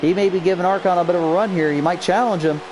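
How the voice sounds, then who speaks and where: Young man, play-by-play race caller, higher voice, over a noisy stream mix. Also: very fast. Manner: energetic, jumps high on crashes. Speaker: race commentator. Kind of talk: excitable sim racing play-by-play. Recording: noisy amateur stream audio.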